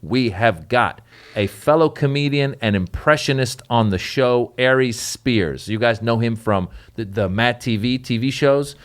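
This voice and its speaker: A man's voice: mid-range voice, unhurried. A middle-aged man hosting a comedy podcast, talking in an upbeat, chatty, joking way. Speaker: podcast host. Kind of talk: casual comedy podcast chat.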